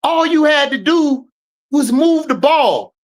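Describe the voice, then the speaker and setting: A woman host riffing through a sports recap, mock-scolding and trash-talking. Her voice is high and leaps all over. She talks slowly, leaning into each jab. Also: lively intonation. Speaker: show host, sports commentator. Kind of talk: casual sports commentary.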